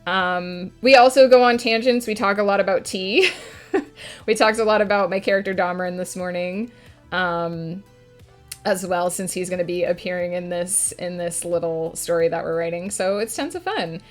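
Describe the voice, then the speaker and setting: A woman's voice: lowish voice, normal speed, soft background music. A woman streaming a writing session, chatting casually with her audience and answering chat between filler words.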